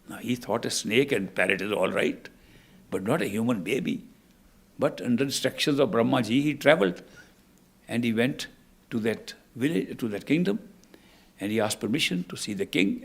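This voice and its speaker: A male spiritual teacher telling a parable in an unhurried, conversational way. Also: mid-range voice, gravelly, slightly rough. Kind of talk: storytelling in a spiritual talk.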